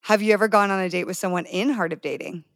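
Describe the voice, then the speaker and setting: A woman's voice: medium pitch, quick pace, dry recording, studio quality. A woman hosting a group podcast chat, bubbly and enthusiastic, cheering her guests on. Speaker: podcast host.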